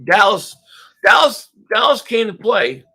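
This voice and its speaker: A man hosting a live sports reaction stream, ranting excitably and often shouting at the game. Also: high-pitched, measured pace, gravelly, slightly rough. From Philadelphia area.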